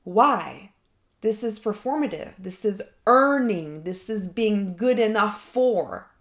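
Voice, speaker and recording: A woman's voice: medium pitch, lively intonation, takes it slowly, roomy sound. A woman coach talking herself through an unscripted coaching session, reflective and thinking aloud. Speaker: life coach. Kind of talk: unscripted self-coaching monologue.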